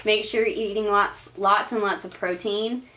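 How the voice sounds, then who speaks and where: A woman's voice: medium pitch, fairly even intonation, moderate pace, pushed and bright. A young woman vlogging, talking casually and chattily to camera, laughing often and using lots of filler words. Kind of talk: casual advice chat to camera.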